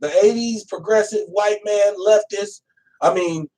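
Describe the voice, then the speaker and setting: A man hosting a casual talk show, animated and profane, often slipping into voices to make a point. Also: high voice, measured pace. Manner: animated, profane, acts out voices mid-rant. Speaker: podcast host. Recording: voice a bit distant from the mic.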